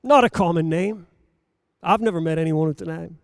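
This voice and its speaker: High-voiced guy preaching, goes hushed then loud, lots of repeated questions, dry close sound. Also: moderate pace, dry recording. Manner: dramatic preaching, swings between hushed and loud; repeats rhetorical questions to the congregation. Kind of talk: sermon.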